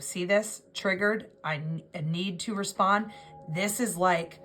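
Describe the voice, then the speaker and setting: A woman's voice: fairly low pitch, a little slow, fairly bright tone, soft background music. A woman giving an intuitive tarot reading, talking in an emotional, rambling way and often restarting her words. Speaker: tarot reader.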